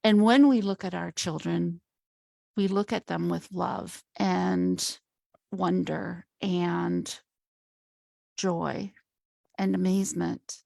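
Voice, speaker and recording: Gravelly, unhurried woman host. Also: lowish voice, fairly even intonation, dark tone, dry recording, studio quality. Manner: heartfelt, reflective, slow and thoughtful. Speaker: host and coach. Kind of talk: casual conversation.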